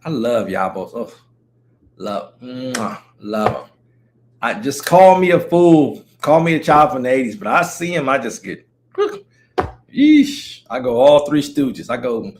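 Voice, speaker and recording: A man's voice: mid-range voice, a little hiss or hum. A man chatting casually on a live stream, rambling and joking while greeting viewers as they come in. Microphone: streaming setup mic.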